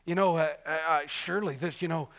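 A man preaching a sermon with passion, repeating himself and restarting often, moving between loud cries and hushed murmurs. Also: a little high, quick pace. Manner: repetitive, restarts with many fillers.

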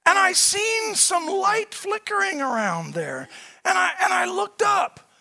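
A man's voice: very high voice, big pitch swings, measured pace, gravelly, pushed and bright. A man preaching a sermon, impassioned and repeating his phrases as he builds.

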